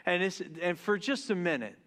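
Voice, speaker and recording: A man from the Deep South, preaching a casual, joking sermon to his church and tripping over his words in his excitement. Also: moderate pace. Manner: joking, excitable, stumbles and restarts. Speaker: pastor. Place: church sanctuary.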